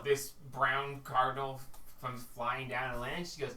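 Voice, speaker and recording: A woman running a tabletop game as game master, narrating in an animated way and often laughing. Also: a bass voice, normal speed. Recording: echoey room, distant mic, faint noise.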